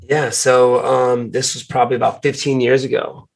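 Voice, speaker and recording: A man talking as a podcast guest, telling stories in a relaxed, casual way with lots of fillers. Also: mid-range voice, normal speed, gravelly. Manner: relaxed storytelling, many fillers. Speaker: guest, fighter.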